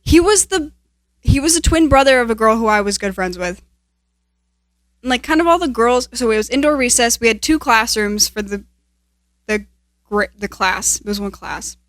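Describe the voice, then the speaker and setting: A young woman co-hosting a podcast, telling stories in casual chat, animated and laughing often. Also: on the high side, normal speed, pauses often, dry recording, studio quality. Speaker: podcast co-host.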